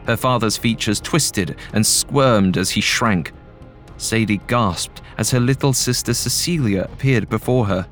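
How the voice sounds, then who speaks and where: Male horror narrator, low voice, even delivery, soft music underneath. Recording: faint music bed.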